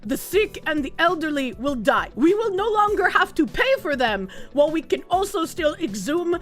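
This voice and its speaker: A woman voicing a scheming male authoritarian villain leader in a put-on Eastern bloc accent, explaining his plan slowly and gloatingly. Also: high-pitched, very animated, soft background music. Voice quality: slow, gloating, over-explaining.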